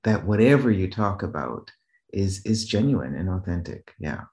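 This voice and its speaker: A man's voice: very animated, normal speed, darkish tone. A man from the Boston area, a business trainer, telling stories in a loose, rambling way and checking in with "right?" as he goes. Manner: rambling, frequent "right?" check-ins and restarts; acts out quoted voices in a raised pitch. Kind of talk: casual conversational storytelling.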